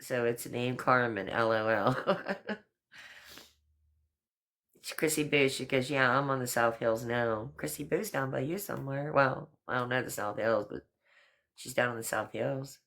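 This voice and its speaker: A woman's voice: extremely low pitch, unhurried, vocal fry, long pauses, fairly bright tone. A middle-aged woman hosting a casual live stream chat, talking in a chatty, affectionate way and calling people honey and girl.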